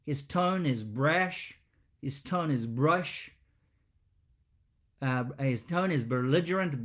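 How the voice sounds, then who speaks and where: A male preacher works through a scripture passage in an expository sermon. He speaks very slowly and deliberately, letting dramatic pauses hang between phrases. His voice sits at an ordinary middle pitch.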